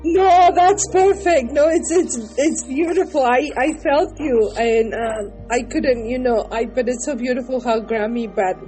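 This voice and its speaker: A woman interviewer responding in an emotional, halting way. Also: high-pitched, mellow, soft background music, rough recording. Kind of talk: casual interview chat.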